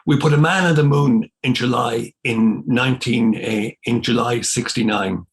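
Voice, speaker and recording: Older irish man, gravelly voice, lively storyteller, mid pitch. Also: moderate pace. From Ireland. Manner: animated storyteller, acts out quoted dialogue. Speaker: podcast guest, former missionary priest. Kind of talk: storytelling in conversation.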